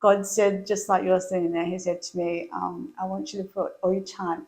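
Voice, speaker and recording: A middle-aged woman telling her story as an interview guest, chatty and quick to laugh. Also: on the low side, flat delivery, darkish tone, low-quality recording. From Australia.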